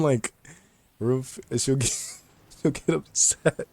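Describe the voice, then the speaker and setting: A man's voice: medium pitch, steady tone, slow pace, gravelly, mellow, no room sound. A young man telling a casual story to the camera, slangy and joking, laughing often as he talks. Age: young adult. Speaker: vlogger.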